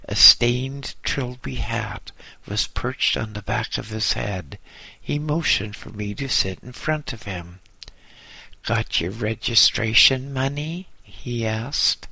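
A man narrating a memoir in a measured, precise reading. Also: on the low side, vocal fry, pushed and bright, slightly rough, no room sound. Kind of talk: audiobook narration.

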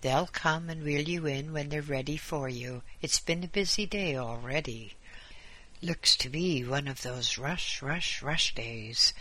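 A man voicing a brisk, sarcastic male hospital orderly in a storybook reading. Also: on the high side, bright, forceful tone.

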